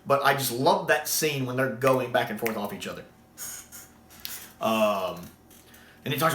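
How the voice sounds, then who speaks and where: A man's voice: medium pitch, moderate pace, echoey room. A man from the United States, enthusiastically discussing a sci-fi show in casual talk and acting out quoted scenes. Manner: excited, quotes scenes in acted voices.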